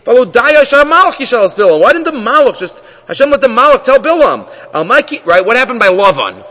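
A man teaching a Torah class as a rabbi, animated and full of questions. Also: extremely high pitch, fast talker. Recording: dull lo-fi audio in a reverberant hall.

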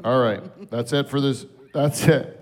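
A man's voice: medium pitch, steady tone, a little slow. A man hosting a late-night show, bantering bluntly and swearing freely. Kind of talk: casual on-air banter.

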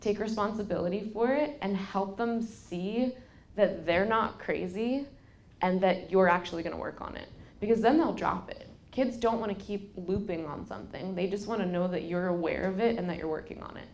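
A woman in her thirties hosting a podcast, giving casual parenting advice and telling personal stories, quoting people in a lively way. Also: mid-range voice, normal speed. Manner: candid storytelling, quotes people in a lively way. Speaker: podcast host.

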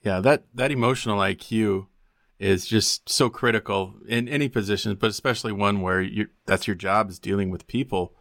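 A man hosting a podcast with a fairly low voice, recorded close and dry with no room sound. He talks in a reflective way, summing up his guest's ideas. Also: moderate pace, creaky, fairly bright tone, no echo. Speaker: podcast host. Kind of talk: casual podcast conversation.

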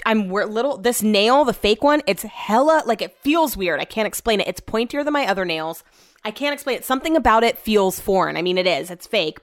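A woman's voice: medium pitch, fairly bright tone. A young woman at home chatting casually through a rambling storytime vlog, frank and loose with swearing. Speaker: vlogger. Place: home, indoors.

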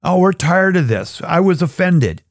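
A man's voice: sits high, sing-song, measured pace, no room sound, studio quality, pitched above the performer's own voice, exaggerated voice. A man doing whiny, offended stones. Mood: sulky. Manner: whiny, petulant. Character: sulky offended living stones walking away.

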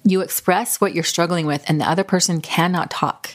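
Quick-talking, emotional woman co-host. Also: fairly low pitch, steady tone. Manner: warm, emotional, quick and chatty. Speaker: podcast co-host. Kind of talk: casual conversation.

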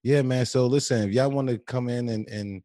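A man's voice: medium pitch, fairly even intonation, moderate pace, mellow, dry recording, clean studio sound. A man hosting a podcast, telling stories in casual chat, profane and often laughing. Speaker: podcast host.

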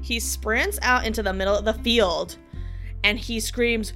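A woman's voice: on the high side, steady tone, a little slow, bright, forceful tone. Woman telling a story over music. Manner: casual, vivid, swears. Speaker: podcast guest in a preview clip. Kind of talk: animated storytelling.

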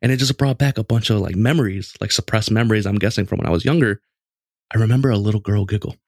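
A man in his late twenties casually telling a story in a lively, conversational way, with lots of restarts. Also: fairly low pitch, fast talker, dry recording, studio quality. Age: late 20s.

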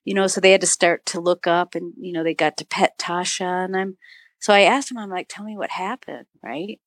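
This podcast guest is a middle-aged northern Michigan woman, an author who handles avalanche dogs, recounting a search-and-rescue story in an interview. Her voice is fairly low and fairly even, a little fast, with no echo, and she acts out quoted lines with plenty of "you know".

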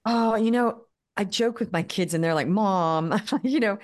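A woman in her fifties or older, a guest coach in a podcast interview, telling stories with animated quoted dialogue and quick restarts. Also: on the high side. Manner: quick talker who repeats and restarts words.

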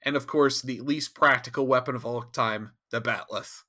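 A man co-hosting a podcast, telling a rambling, animated recap with frequent asides. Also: medium pitch, moderate pace. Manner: rambling, animated, laughs often. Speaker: podcast co-host. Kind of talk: casual recap chat.

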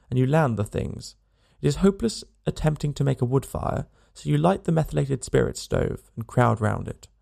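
A man reads a comic novel aloud in a dry, wry manner. His voice is heavily gravelly, with a mellow, dark tone throughout. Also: medium pitch. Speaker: audiobook narrator. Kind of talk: scripted narration of a comic novel.

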